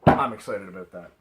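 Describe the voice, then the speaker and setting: A man's voice: medium pitch, gravelly, heavy background noise. A middle-aged man from Canada, rambling chattily through a haul vlog and laughing at himself. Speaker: reseller vlogger.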